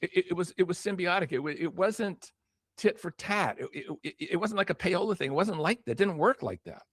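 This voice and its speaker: A man's voice: high voice, fairly quick, dry recording, studio quality. An older man, a former record promotion executive, telling stories as an interview guest, acting out dialogue with many restarts. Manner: animated storyteller, acts out quoted dialogue, many restarts. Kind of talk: storytelling interview talk.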